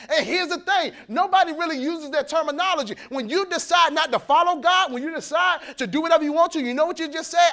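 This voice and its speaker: High-voiced man preaching a lively sermon. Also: moderate pace. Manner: animated, colloquial preaching that acts out quoted voices; laughs between points. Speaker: pastor. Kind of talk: sermon at a men's conference.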